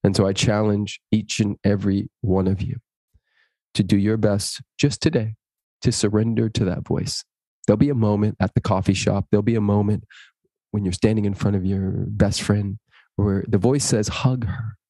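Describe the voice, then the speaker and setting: Speaking slowly and earnestly in a fairly low voice, this interview guest shares inspirational stories, animatedly acting out the dialogue in them. No room sound is audible.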